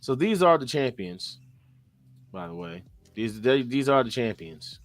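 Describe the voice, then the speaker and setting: A man co-hosting a casual wrestling podcast, animated and swearing, pressing his co-hosts with questions. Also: mid-range voice, unhurried. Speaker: podcast co-host.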